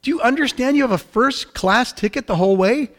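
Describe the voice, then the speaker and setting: An incredulous ship captain, as a preacher puts him on, pressing and exclaiming in a voice pushed high. He insists urgently, his pitch leaping upward as he talks. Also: sing-song, brisk, a little mellow, breathy edge, exaggerated voice.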